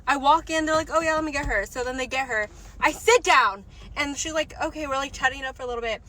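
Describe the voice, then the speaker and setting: A seventeen-year-old girl ranting casually to her phone about job hunting, profane and animated. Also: high voice, brisk, low-quality recording. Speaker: job seeker. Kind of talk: casual rant to camera.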